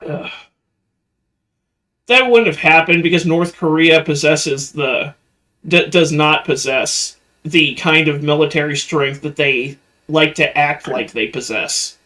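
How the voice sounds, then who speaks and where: A man's voice: a little high, slow, bright, forceful tone. A man co-hosting a casual chat, giving blunt opinions. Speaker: podcast co-host.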